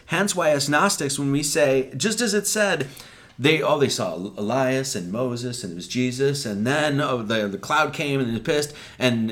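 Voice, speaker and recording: Animated man giving a casual sermon. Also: a little high. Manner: conversational, acts out quoted lines, swears casually. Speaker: preacher. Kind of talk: casual Bible-study sermon.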